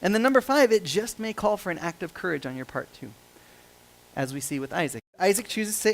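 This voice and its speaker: A man's voice: sits high, animated, a little fast, poor audio. A male pastor preaching a sermon in a conversational, joking and self-deprecating way.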